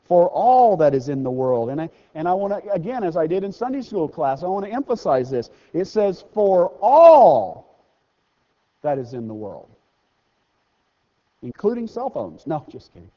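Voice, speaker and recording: Lively man preaching in a reverberant church. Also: sits high. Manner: conversational preaching, slows down and rises for scripture readings; self-deprecating asides. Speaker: pastor. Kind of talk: sermon. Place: church sanctuary. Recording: dull sound with long hall reverb.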